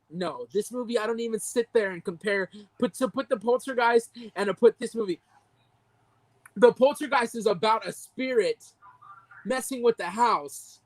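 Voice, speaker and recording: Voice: medium pitch, dry recording, low-quality recording. A young adult podcast co-host giving a heated, profane, indignant rant about a movie review. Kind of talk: ranting movie-review reaction.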